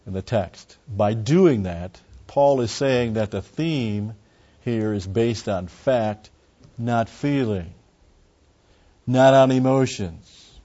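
The recording is dull and lo-fi, carrying a man's lowish, warm voice as he teaches a Bible study. He looks closely at words and presses his message with emphatic, repeated key phrases.

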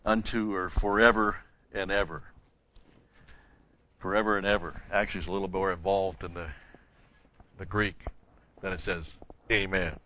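Emphatic male Bible teacher, bright voice. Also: sits low, fairly even intonation, normal speed, pauses often, dull audio. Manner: asks the class questions and answers them himself; stresses key words with emphatic repetition. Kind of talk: verse-by-verse Bible lesson.

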